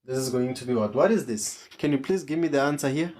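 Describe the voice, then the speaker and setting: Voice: mid-range voice, fast talker, darkish tone. A maths tutor, teaching an online lesson and repeating each question to coax answers from students.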